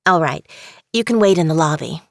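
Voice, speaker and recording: A woman playing a kindly care home staff member in an audiobook drama, speaking gently and sympathetically. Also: sits low, lively intonation, brisk, creaky, dry recording, studio quality. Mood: sympathetic.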